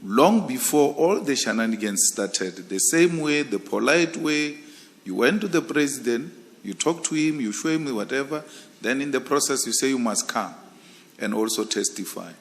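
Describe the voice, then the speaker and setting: A man who is a commissioner, questioning a candidate at a formal hearing in a forceful, insistent way. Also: medium pitch, animated, normal speed, long reverb tail. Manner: forceful, insistent, emphatic repetition.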